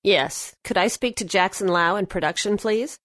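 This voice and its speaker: A woman's voice: medium pitch, moderate pace, a bit bright, no room sound, close to an everyday voice. A woman voicing a polite businesswoman on a phone call in scripted lesson dialogue. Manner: polite, careful phone manner.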